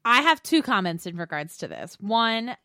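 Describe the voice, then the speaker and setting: A woman co-hosting a casual podcast, recapping reality TV in a chatty, animated way and laughing often. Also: on the high side, moderate pace, dry recording, clean studio sound. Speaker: podcast co-host.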